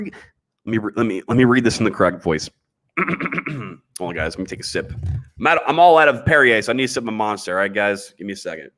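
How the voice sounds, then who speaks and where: A man's voice: on the low side, animated, a little fast, fairly bright tone. A man hosting a casual livestream podcast, reading chat messages and answering them bluntly, with frequent restarts and slang.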